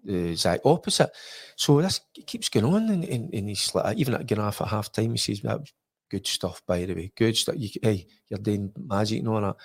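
A middle-aged Scottish man in casual conversation, his voice sitting fairly low. He tells stories with lots of restarts and acts out the voices of the people he quotes. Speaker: former footballer, guest. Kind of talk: casual anecdotal chat.

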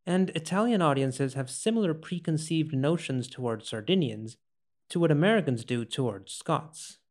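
A man hosting a podcast, narrating from a script in a clear, explanatory way. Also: fairly high pitch, lively intonation, moderate pace. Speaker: podcast host.

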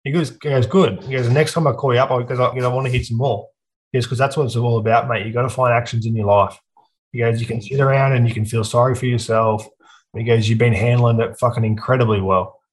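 An Australian man in his young adult years tells his story in a frank, unpolished way, swearing freely. His voice sits at an ordinary middle pitch for a man, and his delivery is relaxed and conversational. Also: fast talker, poor audio. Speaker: podcast guest. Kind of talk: casual conversation.

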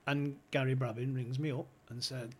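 Husky-voiced man telling club stories. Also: mid-range voice, flat delivery, moderate pace. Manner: chatty, swears freely, acts out quoted phone calls. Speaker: podcast guest. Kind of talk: anecdotal storytelling.

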